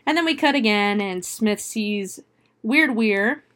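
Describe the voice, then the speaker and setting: A woman's voice: mid-range voice, slow pace, fairly bright tone. A woman casually retelling a movie plot in a chatty, profane way, full of fillers and laughs. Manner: laughs often while retelling. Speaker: film reviewer.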